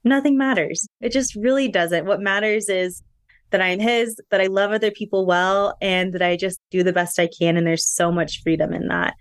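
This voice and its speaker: A woman's voice: mid-range voice, steady tone, moderate pace, no room sound, studio quality. A young woman as a podcast guest, talking candidly and reflectively about her faith and personal struggles. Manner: earnest, reflective, faith-centred talk.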